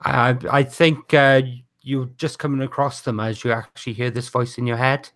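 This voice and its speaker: A man narrating as game master of a tabletop role-playing game, casual and slightly halting. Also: medium pitch, steady tone, a bit bright.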